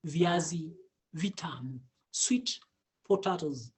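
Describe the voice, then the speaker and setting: A man teaching a casual online Swahili lesson, repeating words slowly and laughing often. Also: on the high side.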